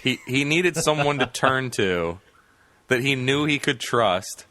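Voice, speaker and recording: A man's voice: mid-range voice, animated, slow, sharp tone, dry recording. A man co-hosting a podcast, retelling movie scenes from his notes and quoting lines. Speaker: podcast co-host. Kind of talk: casual movie review chat.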